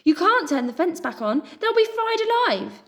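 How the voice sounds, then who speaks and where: A woman voicing a small, brave young female mouse who cries out high and loud. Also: monotone, fast, close to an everyday voice. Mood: desperate. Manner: high, desperate, shouting.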